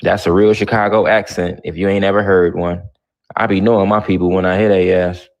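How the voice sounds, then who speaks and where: A man's voice: deep voice, level tone, fairly quick, highs cut off. A man hosting a livestream, talking in a blunt, profane and confrontational way. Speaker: livestream host. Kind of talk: heated casual talk.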